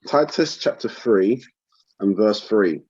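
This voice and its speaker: A man reading scripture aloud slowly in a class. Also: on the low side, animated, a little mellow, breathy edge. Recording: muffled, dull sound.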